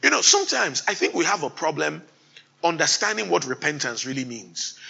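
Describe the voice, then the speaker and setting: Preacher, male, bright tense tone, builds to forceful emphatic sermon delivery. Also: fairly high pitch, creaky, husky, poor audio. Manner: rising to loud emphatic exhortation, mimics timid believers.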